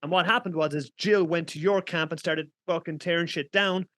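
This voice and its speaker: An Irish man hosting a podcast, recapping events in an excitable way, swearing freely. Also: fairly high pitch, normal speed, dry recording, studio quality. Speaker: podcast host. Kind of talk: casual podcast chat.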